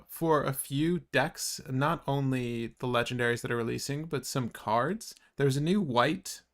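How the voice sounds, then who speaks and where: A young man hosts a casual card game stream, chatting loosely and cracking jokes. He laughs often and rambles between topics. His voice sits at an ordinary middle pitch. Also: a bit bright. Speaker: host.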